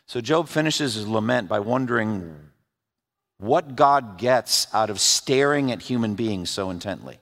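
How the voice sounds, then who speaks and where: A man's voice: lowish voice, animated, moderate pace, fairly bright tone, long reverb tail. A man preaching a sermon. He reads scripture aloud and voices its lament with rising passion.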